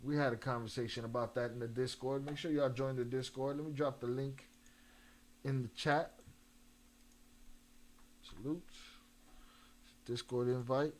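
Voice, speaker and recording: A man's voice: mid-range voice, fairly even intonation, unhurried, pauses often. A man hosting a casual live stream, talking loosely in slang and reading chat messages aloud. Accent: Chicago. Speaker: livestream host reacting to videos.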